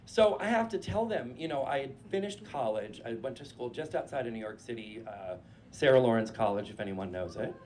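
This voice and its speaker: A man in his forties from New Hampshire, telling a casual, profane and animated story on stage before a live audience. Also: mid-range voice, fairly quick, slight background noise.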